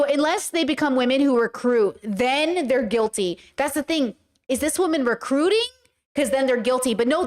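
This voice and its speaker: A woman hosting a reaction commentary, talking to her chat in a heated, profane rant. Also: high-pitched. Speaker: commentary host.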